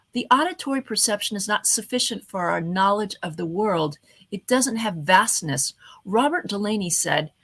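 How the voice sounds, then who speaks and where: A woman hosts an online event and gives a motivational lesson on communication. Her voice is bright and carries well, and she keeps changing her delivery, deliberately slowing her speech to land each point. She speaks straight into a webcam at her computer. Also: medium pitch, gravelly. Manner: expressive, varies her voice often, slows down on purpose. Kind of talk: motivational talk on speaking skills.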